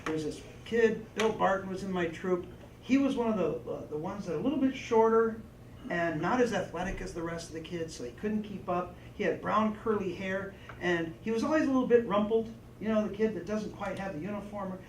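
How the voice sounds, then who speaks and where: A man training a group on storytelling, lively, acting out little voices and asides as he teaches. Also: high voice, a little fast. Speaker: presenter and trainer. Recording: echoey room, distant mic, faint noise.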